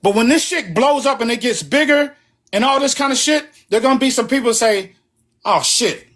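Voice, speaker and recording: A man's voice: very high-pitched, brisk, fairly bright tone. A man hosting a talk show, speaking bluntly and profanely in a heated, preachy way, and out of breath. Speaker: host.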